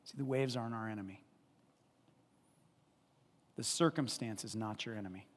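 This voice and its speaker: A male pastor preaching a sermon, animated and repetitive, checking in often with the congregation. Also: fairly low pitch, moderate pace, long reverb tail.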